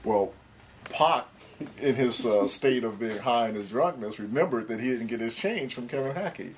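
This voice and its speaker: A man's voice: medium pitch, normal speed, slight background noise. A man in a documentary interview, telling an anecdote in a rambling way, full of uh and um. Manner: rambling storyteller, many fillers.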